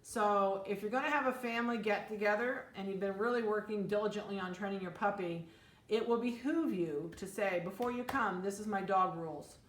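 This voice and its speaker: A woman's voice: mid-range voice, fairly quick, echoey room. A middle-aged woman breeder giving casual, practical puppy-care advice in a plainspoken, chatty way. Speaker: dog breeder. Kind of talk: casual instructional talk.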